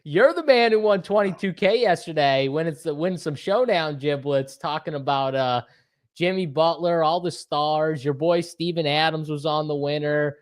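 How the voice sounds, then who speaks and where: A man's voice: fairly high pitch, normal speed. A man hosting a casual sports betting show, joking and bantering loosely with his co-host.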